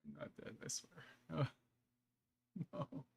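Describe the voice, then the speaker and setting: A man streaming a game and chatting casually, rambling with frequent laughs between phrases. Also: takes it slowly. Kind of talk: casual gameplay chat.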